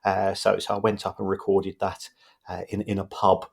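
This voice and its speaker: A man with a low, gravelly voice talks through money matters on a podcast. He explains things patiently and lays out everyday examples in a relaxed, chatty way. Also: normal speed. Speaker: football finance expert co-host. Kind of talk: casual explanatory podcast chat.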